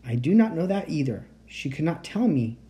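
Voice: mid-range voice, very animated, moderate pace, mellow, natural voice. A reader voicing a polite teenage boy enchanter who speaks in formal, old-fashioned phrasing. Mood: earnest.

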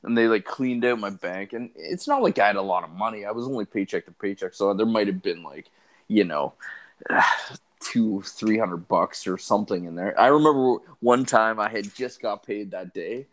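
A man telling a personal story in relaxed, halting casual chat. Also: lowish voice.

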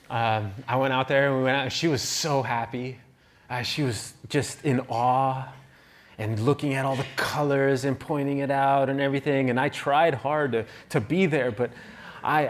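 A middle-aged pastor preaching, telling a self-deprecating personal story in an animated way. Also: male voice, mid-range voice.

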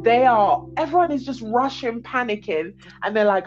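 A woman, a podcast guest telling a dramatic personal story in lively casual chat, laughing often. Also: a little high, moderate pace, muffled recording, faint music behind. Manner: animated storytelling, laughs often, acts out others' voices.

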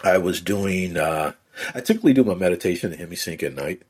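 A man, a podcast guest, telling a personal story in a relaxed, rambling way with many fillers. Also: deep voice, quick pace, husky. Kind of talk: casual conversational storytelling.

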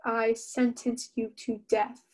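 A woman reading the part of a cruel ruling father who hands down death sentences with mock sorrow, in a flat, level voice. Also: on the high side, measured pace. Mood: solemn. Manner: solemn, mock-sorrowful pronouncement.

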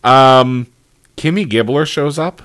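A man's voice: medium pitch, slow pace, fairly bright tone. Sarcastic man on a TV review podcast. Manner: sarcastic, swears freely, laughs often. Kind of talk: casual chat.

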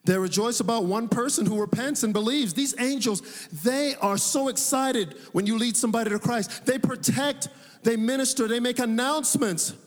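A male pastor preaching a sermon, telling a personal story with animated delivery and laughing at his own tale. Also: very high voice, moderate pace, long reverb tail. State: sweating.

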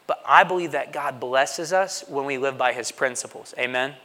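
A man's voice: medium pitch, moderate pace, sharp tone. A male pastor preaching a sermon in a conversational way, often checking in with the congregation by asking "right?". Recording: long reverb of a large hall.

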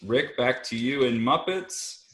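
A man's voice: medium pitch, expressive, measured pace, a bit bright. Man reading quiz questions in a roomy space. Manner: reads multiple-choice options steadily, chuckles between questions. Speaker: quiz host. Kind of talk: reading trivia questions in casual chat.

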